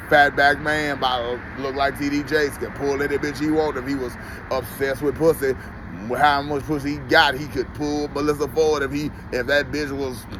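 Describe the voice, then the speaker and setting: A man's voice: fairly high pitch, background noise. A man in his forties ranting in an unscripted vlog, profane and rambling, often laughing. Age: 40s. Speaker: vlogger. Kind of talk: unscripted rant.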